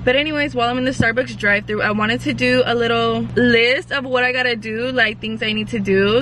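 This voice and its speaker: A young woman in her early twenties vlogs to a handheld camera, talking in a rambling, excitable way. Her voice sits a little high, and steady noise runs clearly behind her. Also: a little fast, hardly any pauses. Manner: rambling, excitable, lots of "like" and "literally". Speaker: vlogger and nail tech. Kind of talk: casual vlog chat. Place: at home, then in a car at a drive-thru.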